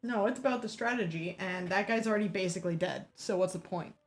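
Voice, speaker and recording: A woman's voice: mid-range voice, quick pace. A woman playing a tabletop game, casual and blunt, with frequent giggles. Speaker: player.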